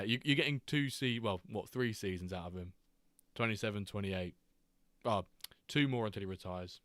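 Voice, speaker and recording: A man hosting a live game stream, chatting casually, greeting viewers and reacting excitedly to player stats. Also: on the low side, dry recording. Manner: chatty, reacts to chat readers by name, quick excited asides. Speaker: streamer host.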